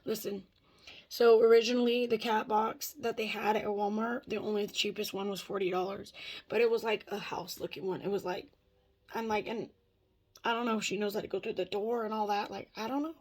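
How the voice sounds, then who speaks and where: A woman's voice: mid-range voice, steady tone, brisk. A woman vlogging in casual chat, rambling and swearing a lot, with "dude" and "like" in nearly every sentence.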